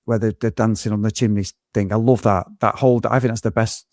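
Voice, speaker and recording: A man's voice: on the low side, steady tone, fast talker, a little mellow, no room sound. A man, chatting bluntly about a film as podcast co-host, with tag questions and swearing. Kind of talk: casual film review chat.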